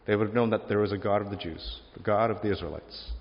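A man's voice: on the low side, fairly even intonation, fast talker. A man preaching a sermon in a conversational way, reading scripture aloud and telling stories about his family. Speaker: pastor. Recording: dull audio with long hall reverb.

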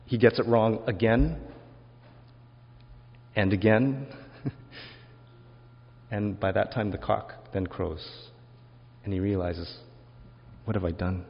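A male pastor preaching a sermon in a reflective, conversational way, asking the congregation rhetorical questions. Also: mid-range voice. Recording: dull lo-fi sermon recording with long hall reverb.

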